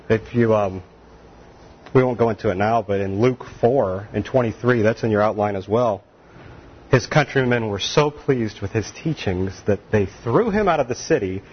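A man's voice: lowish voice, breathy edge, dull audio. A man preaching a sermon in a folksy, joking way, often laughing and acting out the voices of the people he quotes. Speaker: pastor.

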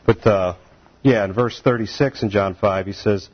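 A man's voice: lowish voice, moderate pace, slightly rough. A man teaching a casual Bible study, retelling scripture in plain, conversational everyday speech, heard on a dull, lo-fi recording.

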